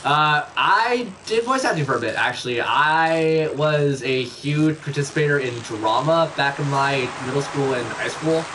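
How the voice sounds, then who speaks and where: A young man in his twenties giving casual gameplay commentary as a streamer, in a low, monotone, self-mocking way. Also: unhurried, hardly any pauses, distant mic, background noise.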